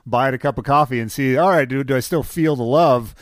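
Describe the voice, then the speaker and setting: A man's voice: medium pitch, fast talker, no room sound, clean studio sound. A man co-hosting a casual podcast, talking in an easygoing, joking way with folksy comparisons. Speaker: podcast co-host.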